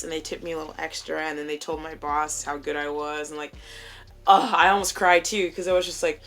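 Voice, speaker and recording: Chatty young woman with a lowish voice. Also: fairly even intonation, moderate pace, fairly bright tone. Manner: chatty, joking, candid and profane. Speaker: vlogger. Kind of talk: casual chat to camera. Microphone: phone camera.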